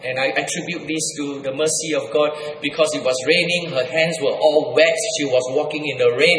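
Man preaching in a reverberant hall. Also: a little hiss or hum. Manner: emphatic, repeats and restarts words, swings between loud high bursts and low quiet lines. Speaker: preacher giving his testimony. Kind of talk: sermon testimony. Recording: echoey hall with long reverb, faint ambience.

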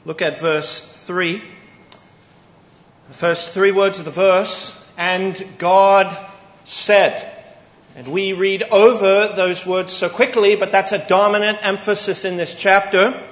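A man preaching a Sunday morning sermon, earnest and emphatic, pausing deliberately on key phrases. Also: sits high, steady tone, fairly bright tone. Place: church sanctuary. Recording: echoey church hall with long reverb.

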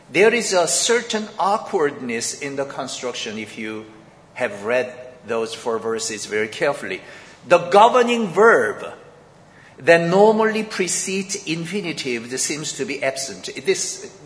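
Guy teaching a bible passage real slow, lots of reverb like a big hall. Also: on the high side, fairly bright tone. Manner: slow, methodical, explaining grammar step by step. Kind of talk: sermon-style bible lecture. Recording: echoey hall with long reverb.

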